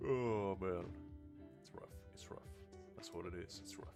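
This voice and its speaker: A man's voice: low voice, slow pace, over music. A man chatting casually on a live game stream, rambling and laughing at himself. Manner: rambling, self-mocking, laughs often.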